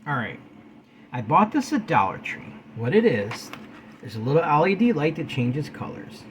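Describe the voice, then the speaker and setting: A man's voice: on the high side, big pitch swings, normal speed, a little hiss or hum, rough recording. A man giving an earnest, pleading talk to camera, calling his viewers guys and preaching kindness. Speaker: spiritual video host.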